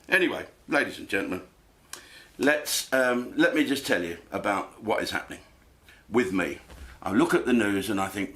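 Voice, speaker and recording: A man doing a crude, swearing comedy monologue, telling stories with lively delivery. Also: on the low side, normal speed.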